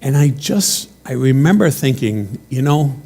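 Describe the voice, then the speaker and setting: A male pastor preaching a sermon who builds his points through repeated rhetorical questions and drops into quieter personal stories. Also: medium pitch, lively intonation, measured pace, vocal fry, slightly rough. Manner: slips into quieter personal storytelling with fillers.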